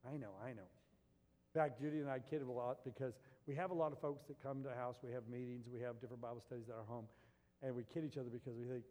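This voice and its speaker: A male pastor preaching a sermon, shifting between relaxed storytelling and loud emphatic peaks. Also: medium pitch, fast talker, long reverb tail.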